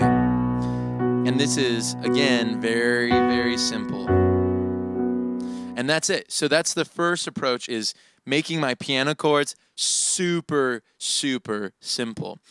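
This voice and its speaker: A man teaching worship keyboard in a relaxed, casual way, often tagging his points with "right?". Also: mid-range voice. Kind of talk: casual instructional talk. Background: keyboard playing.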